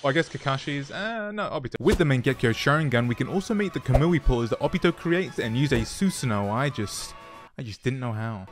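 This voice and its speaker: Excitable young man gaming. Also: mid-range voice, brisk, faint music behind. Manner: excitable, jokey, self-mocking. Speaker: gaming YouTuber. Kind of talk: playthrough commentary with voice-over narration.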